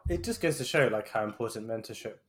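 A man's voice: lowish voice, animated, fast, fairly bright tone. A man, a doctor, chatting casually and reflecting on his training years. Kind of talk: casual podcast chat.

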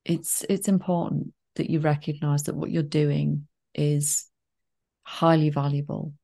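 Low gravelly woman coaching. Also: flat delivery, measured pace, warm tone. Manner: encouraging, coaching tone. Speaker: podcast co-host and sobriety coach. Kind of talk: casual podcast chat.

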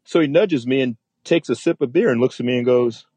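A man's voice: mid-range voice, a little fast, warm tone, slightly rough, no echo. A man, a military pilot, telling a story in a casual interview and acting out the voices of the people in it.

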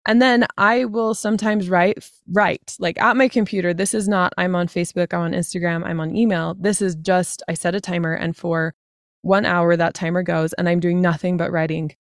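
A woman in her thirties, a fantasy author talking as a podcast guest, chatty and full of quick asides. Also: lowish voice, fairly even intonation, dry recording, clean studio sound. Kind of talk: casual podcast conversation.

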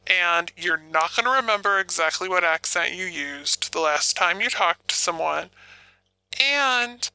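A woman's voice: lowish voice, lively intonation, unhurried, bright, forceful tone, clear, resonant tone, low-quality recording. A woman and phone sex operator giving casual advice in a blunt, profane way.

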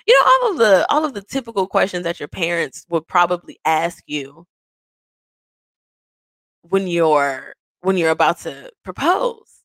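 Animated young woman telling a story. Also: unhurried, dry recording. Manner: animated, laughing, swings into high excited bursts; casual, swears freely. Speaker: podcast host. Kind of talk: casual personal storytelling.

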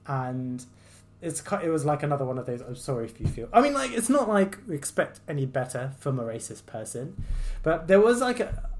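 A man hosting a solo podcast, a doctor, talking in a loose, rambling way with an exasperated, sardonic edge. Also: on the high side. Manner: exasperated, sardonic, mocking quoted voices; loose and rambling, with many fillers and restarts.

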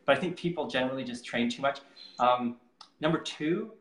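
A man's voice: mid-range voice, brisk, fairly bright tone. A man who works as a triathlon performance coach, talking casually and with energy in an interview and laughing easily. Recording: roomy echo.

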